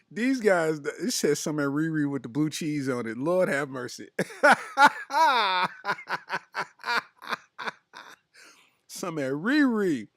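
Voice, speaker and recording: A man's voice: on the high side, no echo, studio quality. A man hosting a comedy podcast, reading his live chat aloud in loose, slangy talk and breaking into laughter often.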